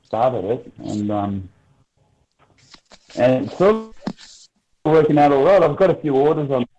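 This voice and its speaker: A man's voice: medium pitch, lively intonation, a little slow, mellow. An Australian man in his forties, swearing and joking in casual banter on a video call. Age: 40s. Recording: dull lo-fi call audio.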